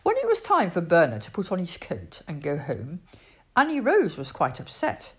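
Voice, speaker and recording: A woman reading a children's storybook aloud, expressive and storytelling with voices for the figures. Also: fairly low pitch, moderate pace, husky. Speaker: storybook reader.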